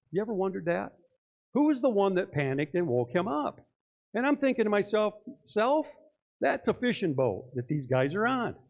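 Older guy pastor preaching, super animated, does voices, keeps asking the crowd questions. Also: a little high. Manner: animated, acts out voices and asks the congregation questions. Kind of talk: sermon.

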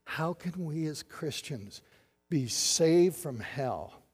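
High-voiced pastor preaching in a reverberant hall. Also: male voice, animated, slow pace, slightly rough. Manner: preaching with questions to the congregation. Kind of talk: sermon. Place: church sanctuary.

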